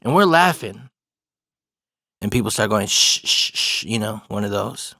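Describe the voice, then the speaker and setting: A man's voice: lowish voice, lively intonation, normal speed, creaky, fairly bright tone, no room sound, clean studio sound. A man casually telling a personal story, swearing freely and often laughing. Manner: profane, laughs through the story.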